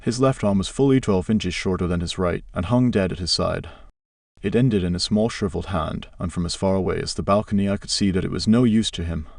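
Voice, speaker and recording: A man's voice: low-pitched, fairly quick, creaky, darkish tone, no room sound, clean studio sound, far from the mic. A man narrating a novel as an audiobook, reading plainly and evenly. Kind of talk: scripted narration.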